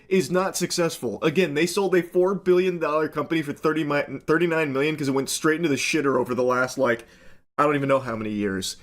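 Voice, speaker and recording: A man in a played video clip, commenting casually and sarcastically, with some swearing. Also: a little high.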